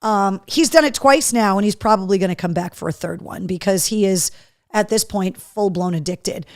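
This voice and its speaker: A woman's voice: mid-range voice, moderate pace, a little mellow, dry recording, studio quality. A woman hosting a live show in casual chat, talking easily and reading viewer comments aloud. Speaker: host.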